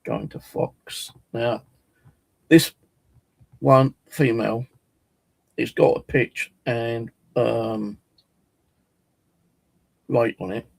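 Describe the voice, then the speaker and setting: A man casually demonstrating ghost apps, rambling and hesitant with many pauses. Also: medium pitch, fairly even intonation, creaky, no echo, poor audio. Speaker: paranormal vlogger.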